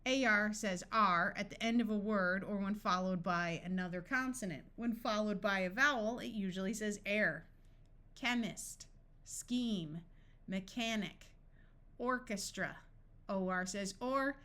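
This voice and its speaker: A woman reading a scripted phonics lesson, sounding out words slowly and deliberately. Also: medium pitch, pushed and bright. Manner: slow, deliberate word-by-word reading. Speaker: phonics tutor.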